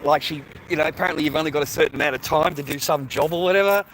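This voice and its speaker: A man's voice: fairly high pitch, rapid-fire, fairly bright tone, a little hiss or hum, rough recording. An Australian man rambling casually to his viewers, swearing freely and full of slang. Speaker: livestreamer chatting with viewers.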